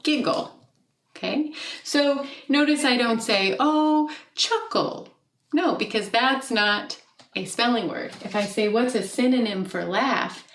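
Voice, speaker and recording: A woman's voice: a little high, a little slow, fairly bright tone, slight background noise. A woman teaching a second grade class in a recorded video lesson, explaining step by step and often checking in with "okay?". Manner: friendly teacherly, asks questions and checks with "okay?". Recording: echoey room, mic at a distance.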